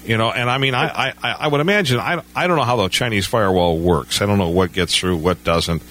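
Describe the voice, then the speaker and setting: A man's voice: fairly low pitch, fast talker, a bit bright, a little hiss or hum. A man speaking as a guest on a radio talk show, telling stories conversationally with stammered starts and frequent "you know".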